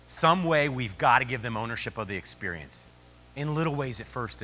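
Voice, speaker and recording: A man speaking as a youth sports presenter at a meeting, telling animated stories in a conference talk. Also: on the low side, a little hiss or hum. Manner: animated storytelling. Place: meeting venue.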